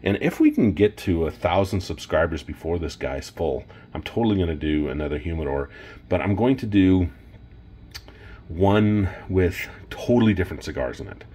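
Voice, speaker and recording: A man's voice: low-pitched, animated, moderate pace, mellow, breathy edge. A Canadian man casually showing off cigars in a vlog, enthusiastic and rambling with fillers. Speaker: cigar reviewer.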